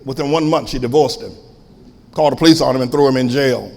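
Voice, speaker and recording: A man preaching a sermon as pastor, shifting from quiet storytelling to sudden shouts. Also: mid-range voice, fast talker, vocal fry, in a large hall.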